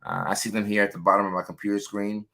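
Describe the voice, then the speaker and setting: Talking fast in a fairly low, level voice with a bright, forceful tone, a man runs an upbeat, casual livestream from his home setup. He lives in California and greets viewers by name while reading their comments out loud.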